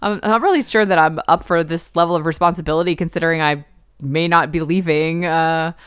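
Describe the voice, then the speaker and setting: Chatty woman, smooth and dry. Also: low-pitched, brisk, dry recording. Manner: chatty, animated retelling with acted quotes and laughs. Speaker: podcast co-host discussing a film. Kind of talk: casual chat.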